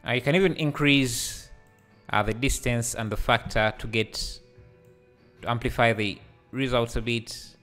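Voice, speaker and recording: Slow hesitant guy doing a live tutorial on a headset, lots of uhs, faint music behind. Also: mid-range voice, a bit bright. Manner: hesitant, many fillers and restarts; laughs easily while reading chat. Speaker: livestreaming 3D tutor.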